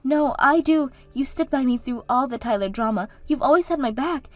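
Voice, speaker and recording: In a scripted story drama, a woman voices Sarah, a young bride-to-be who is the sister, earnest, grateful and nervous. Her high voice is close to an everyday one, at a moderate pace, with no room sound and faint music behind.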